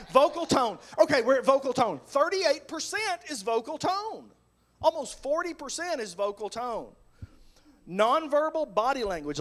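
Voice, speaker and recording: A male pastor preaching on marriage, animated and acting out sarcastic replies. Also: sits high. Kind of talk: sermon on marriage.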